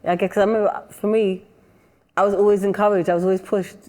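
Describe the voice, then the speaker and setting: A woman from England with a British accent chats openly as a singer-songwriter guest in a casual interview, often asking "do you know what I mean." Her medium-pitched voice is mellow and fairly flat, she talks fast, and the audio has a long reverb tail.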